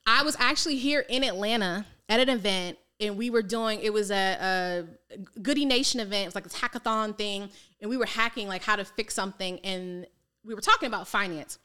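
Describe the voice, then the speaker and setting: A financial coach from Maryland, United States, speaks with a smooth, medium-pitched voice at a slightly fast pace. She tells her story candidly and casually, animated and slangy, acting out what people said.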